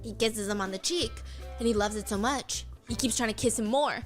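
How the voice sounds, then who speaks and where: A woman hosting a casual chat, telling a story in an animated way. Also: a little high, a little fast, faint music behind. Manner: animated storytelling, acting out quotes. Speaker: host.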